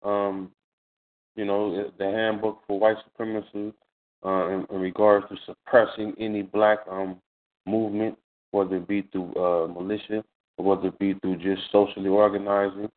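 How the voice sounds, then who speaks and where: A man speaking in casual radio talk, measured, leaning on "you know" and "you see what I'm saying". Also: on the low side, level tone. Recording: phone-like radio line.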